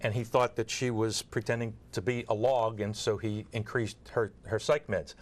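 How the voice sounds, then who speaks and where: A man's voice: fairly low pitch, fairly even intonation, moderate pace. Earnest man explaining on a talk show. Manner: earnest, explaining with examples, frequent word repeats. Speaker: guest expert on nurse communication training.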